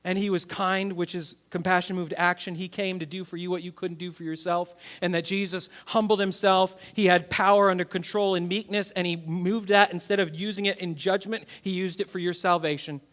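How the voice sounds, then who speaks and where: A man in his thirties, a pastor preaching a sermon to his church, swinging between loud bursts and quiet, earnest passages. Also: high-pitched, level tone, a little fast, hardly any pauses.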